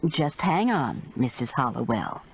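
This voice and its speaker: A woman voicing a calm, businesslike emergency operator in a storybook reading. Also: a bass voice, unhurried, creaky, husky, muffled recording, pitched below the performer's own voice, exaggerated voice.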